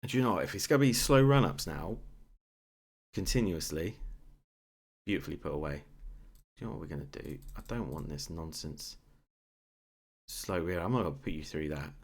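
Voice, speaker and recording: A man commentating on his own football management game, swinging between quiet muttering and excited shouting. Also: low-pitched, fairly quick, long pauses, slightly rough. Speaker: gaming YouTuber.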